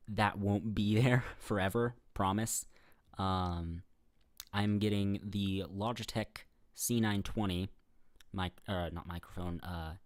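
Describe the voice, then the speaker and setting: A man's voice: fairly low pitch, no echo, studio quality. A young man hosting a casual Q&A vlog, rambling with fillers and restarts and laughing at his own remarks. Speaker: YouTuber answering viewer questions. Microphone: webcam setup facing the camera.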